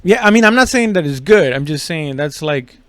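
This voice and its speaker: Profane rambling comedian host, smooth voice. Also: male voice, a little high, lively intonation, moderate pace, a bit bright, no room sound. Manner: rambling, profane, laughing, lots of fillers. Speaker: podcast host. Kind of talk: casual comedic monologue.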